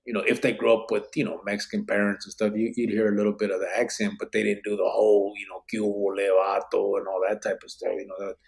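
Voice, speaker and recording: A man's voice: lowish voice, level tone, fast, vocal fry, few pauses. A man hosting a podcast, reading live comments in casual chat, laughing often and dropping Spanish slang. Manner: laid-back, laughs often, drops Spanish and barrio slang. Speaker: podcast host.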